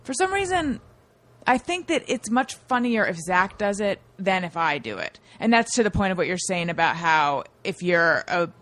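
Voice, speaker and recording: A woman's voice: lowish voice, sing-song, moderate pace, a bit bright. A woman guest on a comedy podcast, chatting casually and thinking aloud.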